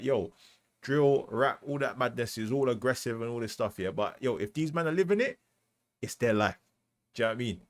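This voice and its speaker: A British man giving casual, slangy commentary as he reacts to a music track, often asking "you know what I mean". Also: mid-range voice. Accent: British English.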